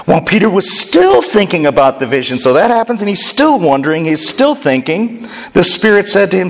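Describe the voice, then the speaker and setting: A man giving a sermon in an animated, joking way, acting out the lines he quotes. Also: high voice, fairly quick, big-room sound. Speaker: preacher.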